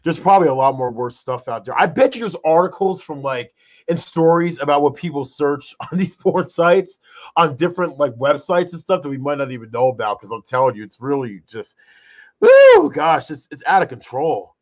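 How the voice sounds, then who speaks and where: A man co-hosting a casual chat show, animated and rambling, leaning on fillers like "though" and "brother". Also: fairly high pitch, normal speed. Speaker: co-host. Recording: dull lo-fi sound.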